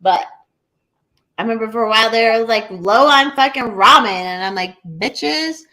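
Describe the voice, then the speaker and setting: A young woman with a slightly high voice chats casually on a podcast. She tells stories with lively, animated energy and curses constantly. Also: moderate pace. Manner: animated, profane, storytelling. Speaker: podcast co-host. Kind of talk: casual chat.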